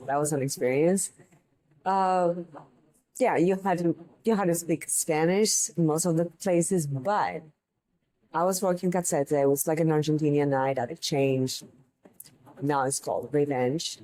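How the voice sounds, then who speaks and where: A woman's voice: sits low, dark tone, low-quality recording. A young woman hosting a podcast, chatting casually and rambling through funny bartending stories, laughing at her own tales. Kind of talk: casual storytelling monologue.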